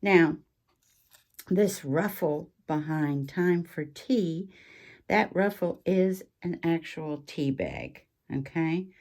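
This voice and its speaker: A woman hosting a relaxed craft show-and-tell, chatty and rambling, with frequent ums and asides. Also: low-pitched, takes it slowly. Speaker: craft channel host.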